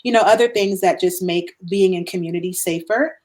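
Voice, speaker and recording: Low-voiced woman explaining earnestly. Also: a little fast, darkish tone. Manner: earnest, explanatory, with frequent restarts. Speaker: podcast guest or co-host. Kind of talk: conversational podcast talk.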